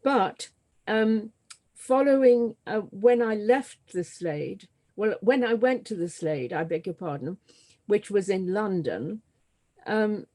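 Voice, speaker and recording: An older woman from Britain, a theatre designer, telling stories as a guest in a conversation, halting often with ums and restarts. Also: mid-range voice, animated, warm tone. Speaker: guest, scenographer and author. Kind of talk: conversational storytelling.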